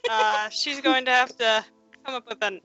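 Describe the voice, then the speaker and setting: A woman chatting after a tabletop game, talking haltingly with many fillers. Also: on the high side, steady tone, pushed and bright, no echo, dull audio, faint music behind. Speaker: player. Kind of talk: casual post-game chat.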